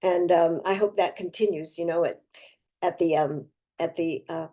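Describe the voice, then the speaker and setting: Older woman, mellow and low-voiced. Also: fairly even intonation, normal speed. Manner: effusive, heartfelt, chatty with many restarts. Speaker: actress guest. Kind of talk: casual interview chat.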